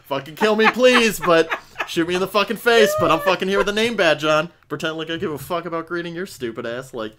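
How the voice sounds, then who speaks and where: A man in his twenties in casual podcast chat, swearing heavily, laughing often and mimicking people in high voices. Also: a little fast, crowd noise. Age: 20s.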